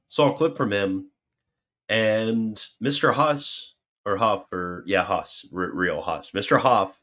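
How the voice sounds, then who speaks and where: A low, slightly bright male voice belongs to a livestream host fielding super chats in a casual Q&A. He reads each question aloud, plays up mock alarm as a joke, then explains earnestly.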